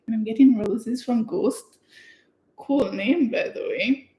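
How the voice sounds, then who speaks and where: A young woman from Canada, chatting excitedly and giggling as she hosts her own livestream. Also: fairly high pitch, slow, highs cut off. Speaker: livestream host. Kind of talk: casual livestream chat. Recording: echoey room.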